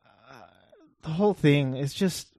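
Monotone guy rambling over gameplay, low mellow tone, dry sound. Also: a little slow, no echo. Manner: rambling, wry, swears offhandedly. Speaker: gameplay commentator. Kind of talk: casual gameplay commentary.

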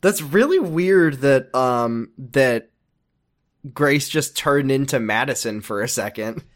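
A man's voice: mid-range voice, lively intonation, slow pace. A man co-hosting a casual podcast, recapping a TV show with sardonic jokes and casual swearing. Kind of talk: casual chat.

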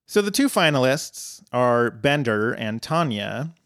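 A man co-hosting a podcast, recapping an episode in casual chat with dry, deadpan jokes. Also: medium pitch, a little slow, no room sound. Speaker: podcast co-host.

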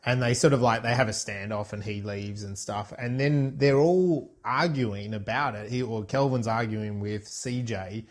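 A man's voice: mid-range voice, normal speed, hardly any pauses. A man co-hosting a casual podcast, recapping film scenes in a rambling, self-correcting way. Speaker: podcast co-host reviewing a film. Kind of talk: casual chat.

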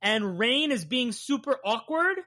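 The host, a woman in her thirties, chats enthusiastically and casually about a comic she's recapping, swearing often. She speaks a little slowly, with a pushed, bright, higher-pitched voice and lively intonation.

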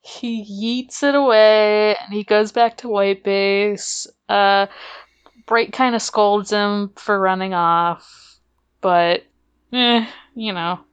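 A woman's voice: mid-range voice, fairly even intonation, slow pace, clear, resonant tone, highs cut off. A woman co-hosting a casual podcast, recapping an anime episode in a laid-back way with fillers, laughs and swearing. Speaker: podcast co-host.

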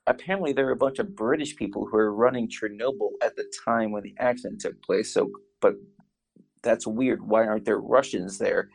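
A man chatting casually, telling animated stories with quoted asides. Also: on the low side, a little fast, vocal fry. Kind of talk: casual chat.

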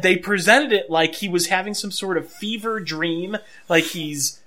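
Animated, higher-voiced male podcast host. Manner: animated storyteller, wry. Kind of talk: casual chat.

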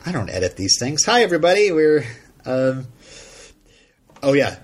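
A man co-hosting a podcast, casually recapping a TV episode in a rambling, halting way full of fillers. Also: on the high side, very animated, slightly rough. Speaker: podcast co-host.

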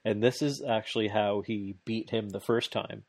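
Excited man recapping in a dry room. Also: fairly low pitch, moderate pace, gravelly, no echo. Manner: excited, laughs often, rambling play-by-play with restarts. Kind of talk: casual chat recapping a wrestling match.

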